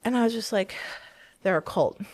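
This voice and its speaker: A woman speaking as a guest in a casual interview, telling her story with lively energy. She acts out the voices of the people she quotes, laughing along the way. Her voice sits at an ordinary middle pitch, recorded dry with almost no room sound. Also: normal speed, no echo.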